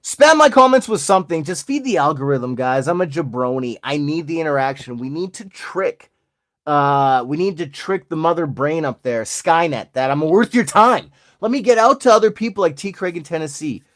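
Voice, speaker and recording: A man's voice: a little high, lively intonation, moderate pace, a bit bright. A man in his forties from Alberta with an Albertan Canadian accent, hosting his channel and chatting jokily with viewers while opening card packs. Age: 40s. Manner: jokey, chatty, addresses viewers.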